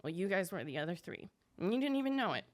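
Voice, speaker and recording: Telling her story on a podcast, a young woman guest talks casually, quickly, and very animatedly. Whenever she imitates other people's words, her pitch leaps up.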